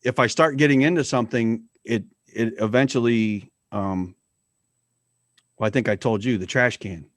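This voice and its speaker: A man's voice: mid-range voice, normal speed, no room sound, studio quality. A middle-aged man talking as a podcast guest, blunt and earnest, and he swears freely. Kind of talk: candid conversation.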